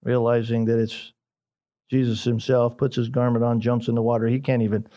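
A man preaching a sermon in an expressive way, dropping his voice low and slow for emphasis. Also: highs cut off.

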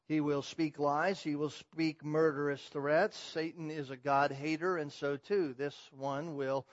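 A man preaching an expository sermon, dropping to hushed, low emphasis and then rising to loud proclamation. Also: dry recording, dull audio.

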